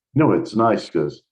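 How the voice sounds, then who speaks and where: A man's voice: lowish voice, creaky, darkish tone. An American man teaching a live math lesson over a video call, explaining with enthusiasm and thinking aloud as he goes. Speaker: instructor.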